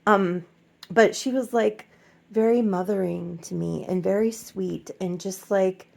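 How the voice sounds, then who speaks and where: Soft-spoken middle-aged woman, gravelly edge. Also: mid-range voice, steady tone, measured pace. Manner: soft-spoken, rambling with many fillers; gently emotional. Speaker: doll collector vlogger. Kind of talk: casual vlog chat. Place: at home.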